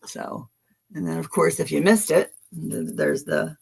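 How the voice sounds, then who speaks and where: A woman's voice: low voice, steady tone, a little slow, vocal fry, darkish tone, a little hiss or hum. A woman in her seventies from Philadelphia, reading tarot on a livestream and chatting casually, rambling from story to story with frequent laughter. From Philadelphia, USA. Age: 70s. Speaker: tarot reader hosting a livestream.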